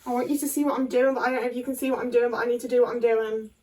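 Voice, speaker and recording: A woman's voice: on the high side, fairly even intonation, very fast, a little mellow, far from the mic, slight background noise. A young woman chatting anxiously to the camera while cooking in her home kitchen, questioning herself and swearing often. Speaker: vlogger. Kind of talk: casual cooking vlog talk.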